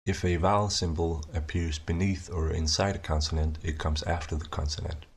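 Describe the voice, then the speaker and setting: A young man narrating a scripted explanation of his invented writing system, measured and methodical, slowing down to sound out each example. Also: low voice, steady tone, husky. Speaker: conlang creator presenting his language.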